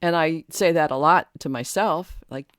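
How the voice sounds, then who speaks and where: A woman's voice: low-pitched, normal speed, no room sound, clean studio sound. A woman hosting a solo podcast, thinking aloud earnestly with many restarts and fillers. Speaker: podcast host and coach. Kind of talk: reflective solo podcast talk.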